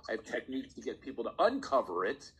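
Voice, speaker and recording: Man, husky voice, comedian guest, animated storytelling, laughs mid-sentence. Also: mid-range voice, fast, rough recording. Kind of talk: casual podcast storytelling.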